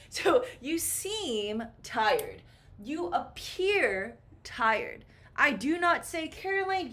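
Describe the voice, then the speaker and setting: A woman gives a beginner English lesson. She speaks slowly and with a bright, lively melody, and her voice sits somewhat high. She plays out the short example dialogues in a playful way. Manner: animated, playful, acts out little example dialogues. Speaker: English teacher.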